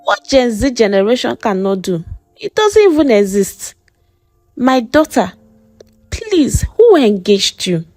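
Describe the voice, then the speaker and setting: A woman's voice: fairly high pitch, big pitch swings, unhurried, a little mellow, no room sound. Sarcastic Nigerian church mother, voiced by a woman. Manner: mocking, sermon-like scolding. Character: stern churchgoing widowed mother, sarcastic, preachy.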